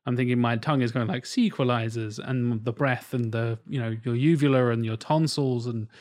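A man's voice: mid-range voice, steady tone, normal speed, darkish tone. A man hosting a podcast in casual chat, talking enthusiastically and rambling, often mimicking voices. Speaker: podcast host.

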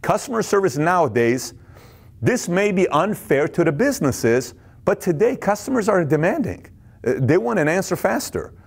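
A man giving an intense, high-energy business talk, who acts out little scenes of dialogue and sometimes stammers and repeats words. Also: very animated, normal speed, gravelly, breathy edge. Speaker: business speaker.

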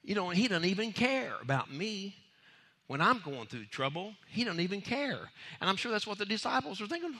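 A man preaching with a bright, forceful voice that jumps high and drops low as he acts out the people in his story. His tone is conversational and playful, and he laughs between points. His voice sits a little above the usual range for a man. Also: lively intonation, a little fast. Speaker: pastor. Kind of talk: sermon.

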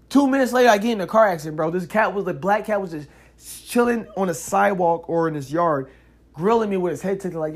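A man with a slightly higher voice talks through a casual solo podcast. He tells stories in loose, slangy street talk, swears often, and keeps saying "yo" and "like". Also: fairly quick. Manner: animated, slangy storytelling with frequent "yo" and "like"; curses freely. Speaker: podcast host.

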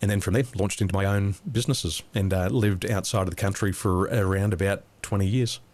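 A middle-aged man with an Australian accent, a business coach telling stories in a relaxed, anecdotal way as an interview guest. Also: low-pitched, fairly quick. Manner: relaxed, anecdotal, chuckles at his own jokes. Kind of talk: interview storytelling.

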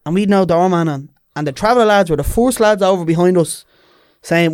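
Man, Dublin accent, young adult, animated storyteller, fairly high voice, dry close recording. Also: brisk, clean tone, dry recording. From Ireland. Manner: lively, animated, puts on voices in anecdotes. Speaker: podcast guest. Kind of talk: casual storytelling chat.

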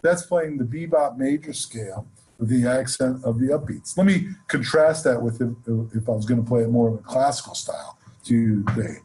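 A man gives a jazz lesson, explaining scales in an easy, relaxed way. His voice is very smooth and resonant at a middle pitch, and he counts off the beats before each example. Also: fairly quick. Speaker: jazz music teacher. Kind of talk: instructional lesson with playing examples.

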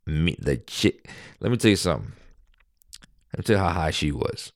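New man, deep, dry close recording, rambling casual storyteller who swears. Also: moderate pace, no room sound. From New York. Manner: rambling, animated, swears freely.

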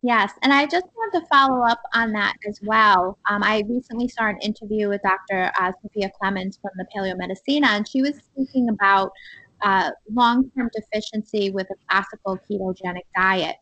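A woman co-host asking a guest a question in a measured way, with some hesitant fillers. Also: mid-range voice, pushed and bright, dry recording, muffled recording. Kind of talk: interview question.

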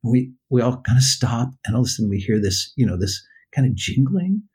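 A man's voice: medium pitch, slightly rough. Older American man telling a story. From United States. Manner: halting, animated storyteller who acts out dialogue. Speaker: guest. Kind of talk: casual interview storytelling.

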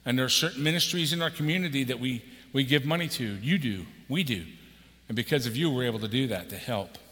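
A man in his sixties, an executive pastor, preaches a conversational sermon in a church auditorium with a mid-range, fairly bright voice at a quick pace. He acts out quotes by raising his voice, and a long hall reverb fills the recording.

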